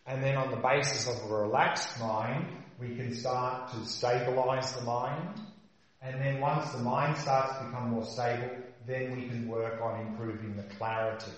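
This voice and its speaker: A man teaching a meditation practice, guiding patiently and calmly and repeating key points for emphasis. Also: mid-range voice, roomy sound. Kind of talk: guided meditation instruction.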